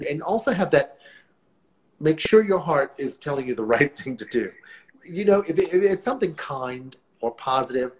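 A man, a guest actor telling stories in a relaxed live interview over a video call, rambling warmly with frequent restarts. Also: a little high. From New Orleans, USA. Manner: warm, rambling storyteller with many restarts. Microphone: phone or laptop on a video call.

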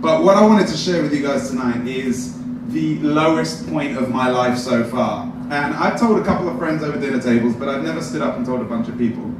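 A young English man doing stand-up, telling a self-deprecating story in an animated way. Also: mid-range voice, a little fast. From England. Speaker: stand-up comedian. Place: open mic at a coffee shop. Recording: distant mic in a very echoey room with noise.

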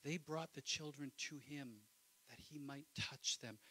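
A man, a pastor, preaching a sermon in church, swinging between loud impassioned lines and quiet asides. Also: mid-range voice, a little slow, breathy edge, rough recording.

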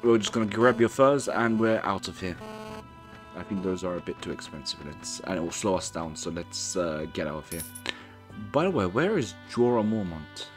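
A man's voice: sits low, lively intonation, normal speed, faint music behind. A man casually commenting on his own gameplay, rambling and correcting himself as he reads the game's dialogue aloud. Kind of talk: casual let's-play commentary.

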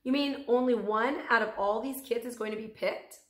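A woman's voice: a little high, normal speed, a bit bright, reverberant, natural voice. A woman doing a curious young boy. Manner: eager, questioning.

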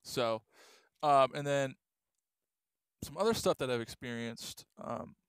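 A young man tells a story straight to his camera, circling back on himself with lots of "um"s and restarts. His voice comes through smooth and clean, and the room sounds dry and close. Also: medium pitch, lively intonation, slow, dry recording. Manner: rambling, many fillers and restarts. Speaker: vlogger.

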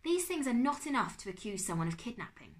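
An excitable middle-aged uncle, put on by a woman reading a storybook aloud, fussy and quick to exclaim. His voice swings widely up and down as he lectures and frets. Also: fairly high pitch, pitched above the performer's own voice. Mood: explaining. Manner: exclaiming, spluttering.

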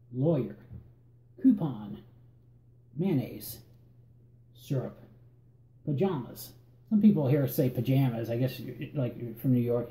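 A man with a Northern Virginia accent reading an accent tag word list in a relaxed, halting way and often repeating words. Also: medium pitch, roomy sound. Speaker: vlogger.

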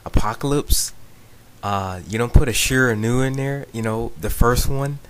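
A man's voice: medium pitch, moderate pace, a little hiss or hum. A man giving a rambling, casual video response, full of ums and "you know what I'm saying". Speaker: video blogger.

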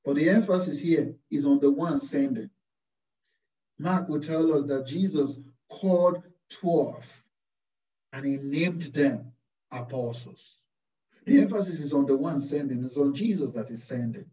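Slow-speaking priest in a roomy hall. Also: male voice, a little high, mellow. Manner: slow, deliberate teaching with rhetorical questions. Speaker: Carmelite priest. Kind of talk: sermon. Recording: distant, roomy, dull-sounding recording.

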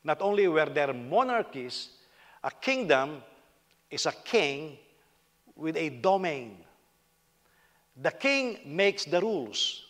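Filipino man, pastor, chatty joking sermon, slightly high voice, long hall reverb. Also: sing-song, takes it slowly, pauses often, a bit bright. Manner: humorous, conversational preaching. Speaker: senior pastor.

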